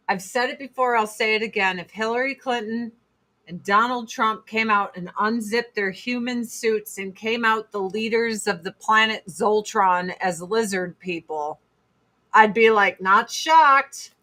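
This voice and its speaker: A woman's voice: fairly high pitch, bright, forceful tone. A woman in her forties hosting a casual livestream, ranting bluntly with profanity and mocking put-on quotes. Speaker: livestream host.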